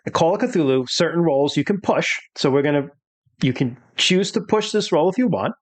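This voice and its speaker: A man running a tabletop horror game as game master, explaining rules with many pauses and fillers. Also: a little high, animated.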